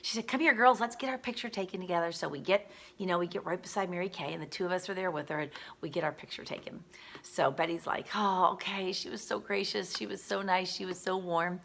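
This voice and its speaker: A woman's voice: fairly low pitch, fast talker, vocal fry. A woman who works as a sales director, telling a story to camera in a chatty, gushing way and often repeating words.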